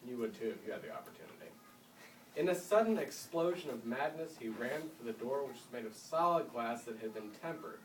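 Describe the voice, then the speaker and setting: A man reading a story aloud to school classes, lively with dramatic swells, recorded from across a roomy indoor space. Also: mid-range voice, slight background noise. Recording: roomy room, mic far off.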